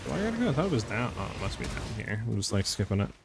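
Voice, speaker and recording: A man's voice: lowish voice, fast, background noise. A man streaming a game, chatting loosely with his viewers and filling his talk with "like" and "you know". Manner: rambling, heavy on fillers like "like" and "you know"; talks to chat by name, easily restless. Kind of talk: casual live-stream chat while gaming.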